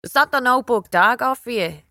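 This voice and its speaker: A woman's voice: on the high side, animated, brisk, pushed and bright, no echo, studio quality, voice pushed up. A woman voicing a teasing, condescending young man, the narrator's big brother, in a smirking, mocking way. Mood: curious.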